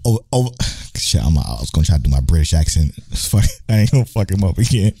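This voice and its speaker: Husky and warm, with a low voice, this podcast co-host talks briskly and very animatedly in a casual conversation. He curses freely, laughs often, and keeps starting his sentences over.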